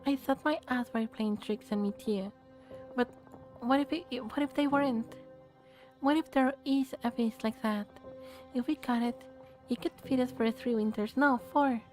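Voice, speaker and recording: A woman's voice: a little high, moderate pace, a little mellow, faint music behind, close to an everyday voice. A woman voicing a frantic, wide-eyed male expedition crewman who talks in breathless, urgent bursts.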